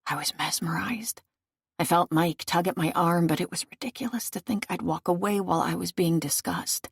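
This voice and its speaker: A woman narrating an audiobook in a measured, unhurried reading. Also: lowish voice, vocal fry, slightly rough, no echo, clean studio sound. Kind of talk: scripted narration.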